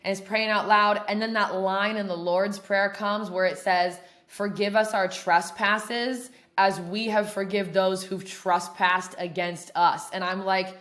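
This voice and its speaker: A woman podcast host telling a story in casual, profane, animated talk. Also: mid-range voice, measured pace, hardly any pauses. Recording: echoey room.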